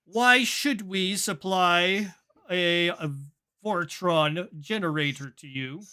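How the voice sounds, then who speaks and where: A woman's voice: on the low side, takes it slowly, sharp tone, clear, resonant tone. A man voicing a stern, commanding female starship commander who speaks in clipped, formal orders.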